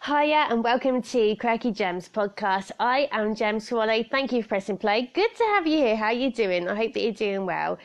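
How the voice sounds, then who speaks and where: Young woman, podcast host, chatty, cheerful, self-deprecating, somewhat high. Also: lively intonation, moderate pace, hardly any pauses. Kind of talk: casual solo podcast chat.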